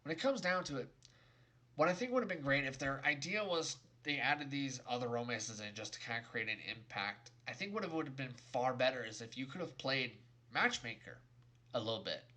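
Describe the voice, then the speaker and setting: A man's voice: medium pitch, expressive, brisk, sharp tone. A young adult man giving an exasperated, sarcastic, emphatic rant in a video game review.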